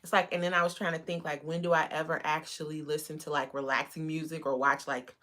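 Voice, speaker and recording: A woman from the United States hosts a live stream and talks fast with little pitch movement. She greets viewers in a bright, high voice, then rambles casually with lots of fillers.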